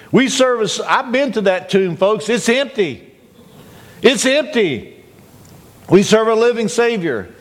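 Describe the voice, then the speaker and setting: High-voiced preacher acting out scenes. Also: male voice. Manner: dramatic, acts out shouted cries. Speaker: pastor. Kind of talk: sermon.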